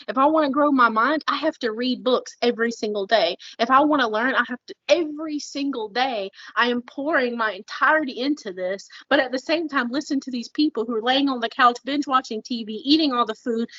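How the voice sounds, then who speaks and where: Female co-host, higher-pitched, blunt tough-love delivery, dry close sound. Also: fairly bright tone, no echo, lo-fi sound. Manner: blunt, fired-up, swears freely. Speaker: podcast co-host. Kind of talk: casual podcast chat.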